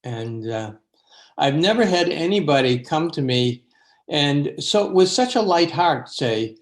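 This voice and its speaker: Older zen abbot telling old stories, lots of uh's, slightly high voice. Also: male voice, animated. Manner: unhurried storytelling with frequent fillers. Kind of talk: interview reminiscence.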